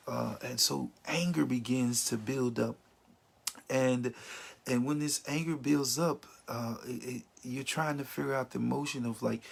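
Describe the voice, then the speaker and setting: A man's voice: medium pitch, normal speed, creaky, breathy edge. A man teaching about grief in an informal, earnest way, sometimes acting out the words of people in mourning. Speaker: grief counselor.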